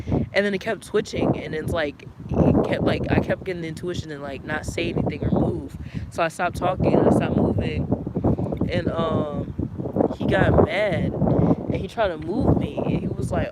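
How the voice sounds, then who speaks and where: A man's voice: fairly high pitch, fairly even intonation, normal speed. A man telling a long story to a livestream in a rambling way, full of filler words and swearing. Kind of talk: casual storytelling. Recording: loud wind noise on the mic.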